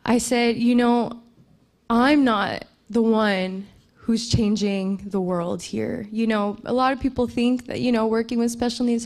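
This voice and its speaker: A young woman gives a personal testimony in church. Her voice sits a little high, and she talks in an earnest, emotional way, often restarting her sentences and leaning on fillers. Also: fairly even intonation, a little slow, a little mellow. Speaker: missions trip speaker at church.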